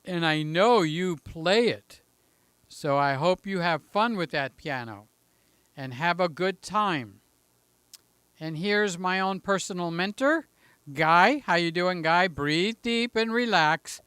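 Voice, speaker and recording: A man's voice: sits high, animated, slow pace, a bit bright, smooth, dry recording. A man in his late sixties hosting a live stream, chatting casually and greeting viewers by name in a rambling way. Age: 60s. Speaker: livestream host.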